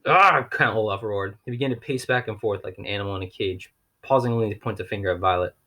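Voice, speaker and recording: Low-voiced man reading a novel aloud. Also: fairly even intonation, quick pace, fairly bright tone. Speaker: audiobook reader.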